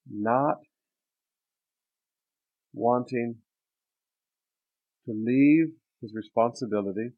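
A man's voice: mid-range voice, expressive, normal speed, vocal fry, husky. A man preaching a sermon as a pastor, reading scripture aloud and then expounding it emphatically. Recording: tinny phone-like sound.

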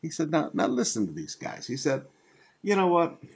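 A man's voice: on the high side, sing-song, moderate pace, slightly rough. An older man preaching a sermon, teaching through a Bible passage in a conversational way, with asides and repeated phrases. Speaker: pastor.

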